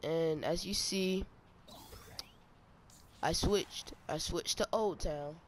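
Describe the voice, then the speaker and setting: A woman giving excitable, slangy, trash-talking commentary over her own basketball gameplay on a headset mic. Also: on the low side, takes it slowly. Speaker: gaming channel host. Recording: noisy game audio behind.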